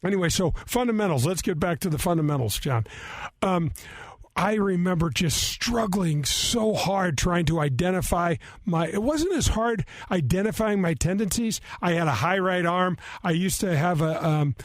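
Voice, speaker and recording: A man in his sixties with a slightly raised pitch, talking into a dry, close studio mic. He rambles and mocks himself as he tells golf stories on a radio show. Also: lively intonation, normal speed, dry recording. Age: 60s. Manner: rambling, self-mocking storyteller. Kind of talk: casual radio chat.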